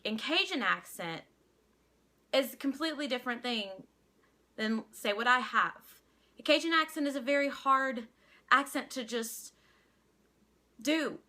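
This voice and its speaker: A woman's voice: sits high, animated, a little slow, pauses often, pushed and bright. A young woman from Louisiana with a light Louisiana accent, sharing her opinion in a casual vlog and often stopping to restart her sentences. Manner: hesitant, many restarts. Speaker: vlogger.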